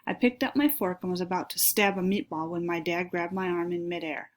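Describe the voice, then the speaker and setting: A woman's voice: lowish voice, a little fast. A woman reading a children's chapter book aloud, friendly and speaking directly to her listeners.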